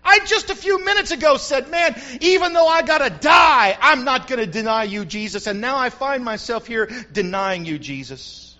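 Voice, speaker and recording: A man's voice: very high voice, animated, slow, few pauses, fairly bright tone, pitched above the performer's own voice, exaggerated voice. A man voicing a remorseful male apostle berating himself, emphatic and anguished, on a dull lo-fi recording.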